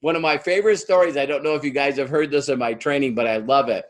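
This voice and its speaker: A man's voice: medium pitch, fast talker. A middle-aged man giving a motivational business training talk, telling stories and acting out the quoted voices. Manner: storytelling, acts out quoted voices.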